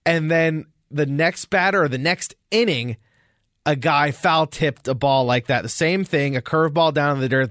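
On a laid-back sports podcast, a male co-host with a high-leaning voice spins lively stories and performs the quotes himself. The audio is dry and studio-quality.

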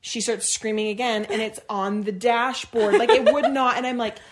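A woman co-hosting a podcast, telling stories in a casual chat, animated and laughing often. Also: fairly high pitch, moderate pace. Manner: animated storyteller, acts out her own yelling and laughs a lot. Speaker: podcast co-host.

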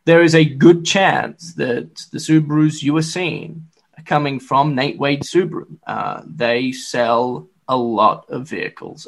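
A man hosting a sports podcast, talking casually with lots of fillers and restarts. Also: a little high. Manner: lively, filler-heavy, chatty. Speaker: podcast host.

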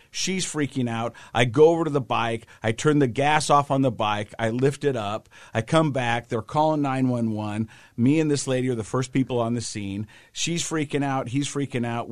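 A middle-aged man co-hosting a casual talk show, telling a story with lively quoted voices. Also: medium pitch, no room sound. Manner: animated storyteller, acts out quotes. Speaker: podcast co-host.

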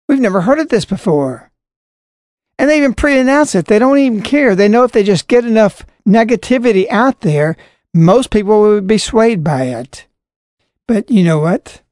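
A man delivers preachy religious commentary in an emphatic voice. He slows right down to hammer home each scripture quote. The sound is dry and close, with no room around it. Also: sits high, darkish tone, no echo.

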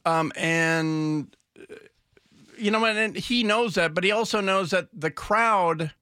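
A man's voice: fairly high pitch, pushed and bright, no room sound, studio quality. Sarcastic talk radio host, man. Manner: sarcastic, mocking. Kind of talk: casual political commentary.

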